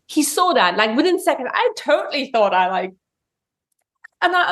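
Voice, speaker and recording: A woman's voice: fairly high pitch, sing-song, moderate pace, fairly bright tone. A woman from Germany, a guest author on a podcast, telling stories in a chatty way with many ums and restarts. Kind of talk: podcast interview.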